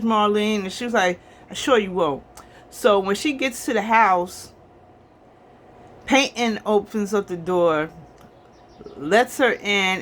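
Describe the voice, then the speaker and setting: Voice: medium pitch, a bit bright, slight background noise. A movie reviewer casually recapping a film's plot in a rambling, chatty way, talking to viewers as y'all.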